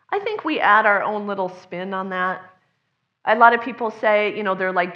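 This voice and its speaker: Woman preaching, kinda high voice, chatty and earnest, a bit muffled. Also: sing-song, normal speed, fairly bright tone. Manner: earnest, conversational, acts out quoted voices. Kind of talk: sermon.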